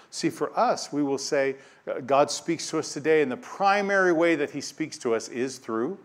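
A man preaching a sermon. He reads scripture aloud and repeats key phrases, moving between quiet passages and loud, emphatic ones. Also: on the high side, a little slow. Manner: dynamic preaching, swinging from hushed to loud and emphatic.

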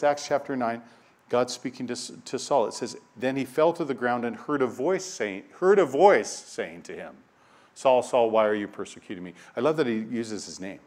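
A man delivering a sermon from scripture, his voice sitting at an ordinary middle pitch. He drops to near-hushed reflection, then climbs into loud, emphatic declarations. He often repeats a phrase for weight. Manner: dynamic preaching, swinging from hushed to loud and emphatic; reads scripture aloud, repeating key phrases. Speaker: preacher.

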